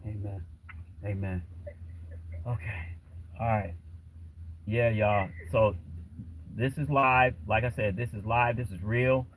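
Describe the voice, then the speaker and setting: A man's voice: fairly low pitch, steady tone, takes it slowly, pauses often, a little hiss or hum, rough recording. A man hosting a casual livestream, talking in a rambling way with lots of fillers. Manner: rambling, many fillers and restarts. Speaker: livestream host.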